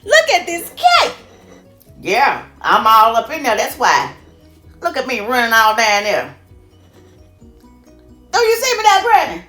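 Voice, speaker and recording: A woman's voice: a little high, huge pitch swings, unhurried, pauses often, pushed and bright, echoey room, faint music behind, full character voice. A woman voicing a cocky talking stick of butter. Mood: boastful. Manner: boastful, swaggering, rhyming brags.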